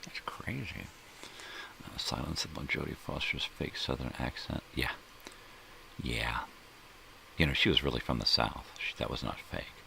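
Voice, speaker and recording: On a casual solo morning stream, a middle-aged male host rambles, jokes, swears, and often trails off while hunting for names. His pitch is extremely low and his pace normal, with a creaky, pushed, bright quality and a little hiss or hum in the background.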